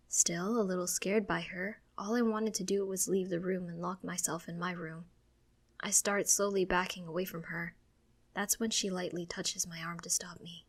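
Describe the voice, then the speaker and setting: A woman reading a first-person audiobook in a soft, hushed storytelling voice. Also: medium pitch, steady tone, normal speed. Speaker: audiobook narrator.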